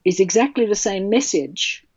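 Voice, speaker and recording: A woman's voice: mid-range voice, lively intonation, normal speed, a little mellow, slightly rough, dry recording, muffled recording. A woman, speaking passionately and bluntly as a childbirth educator in an interview. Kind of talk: podcast interview.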